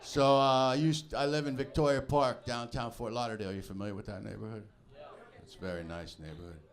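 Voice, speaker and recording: A man's voice: mid-range voice, fairly even intonation, fairly quick. A man doing a stand-up comedy set on a club stage, telling stories with punchy asides to the audience. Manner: conversational storytelling, punchy asides to the crowd. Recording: live club recording with crowd laughter.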